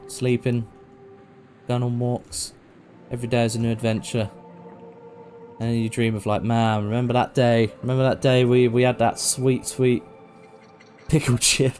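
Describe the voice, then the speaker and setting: A man's voice: mid-range voice, little pitch movement, measured pace, long pauses, darkish tone, faint music behind. A man casually commenting and joking while playing a game. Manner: rambling, joking, swears casually. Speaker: game streamer. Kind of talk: casual let's-play commentary.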